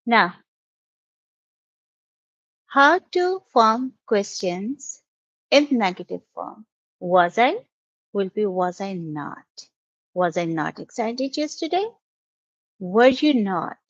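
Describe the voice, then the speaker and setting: Slow, patient woman teaching English. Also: mid-range voice, dry recording. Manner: patient, spells out each step. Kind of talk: slow, careful classroom explanation. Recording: dull, dry lo-fi audio.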